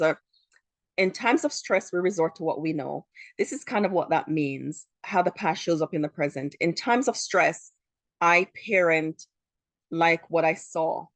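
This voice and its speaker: A woman's voice: fairly low pitch, dry recording. A woman from Jamaica who works as a therapist, hosting a solo podcast and explaining ideas earnestly, often repeating words as she goes.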